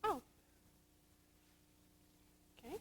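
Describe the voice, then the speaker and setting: A woman's voice: drawn-out words, a bit bright, low-quality recording. A teenage girl acting as an emotional young Navy nurse in a school musical on stage, pleading and stammering. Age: late teens. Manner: breathless, emotional, stammering pleas. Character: young female Navy nurse, bubbly yet torn. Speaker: student actor in a school musical.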